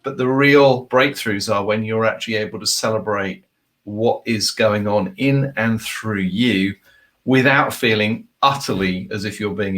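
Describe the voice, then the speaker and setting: A man's voice: fairly low pitch, fairly bright tone. Man thoughtfully coaching his guest. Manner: thoughtful, explains in long sentences. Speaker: podcast host. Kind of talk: reflective coaching conversation.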